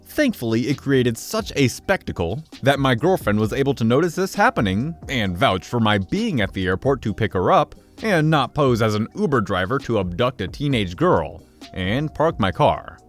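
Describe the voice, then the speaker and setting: Animated male storyteller. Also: medium pitch, normal speed, faint music behind. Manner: lively, expressive storytelling. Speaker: story narrator. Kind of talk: reading Reddit stories aloud.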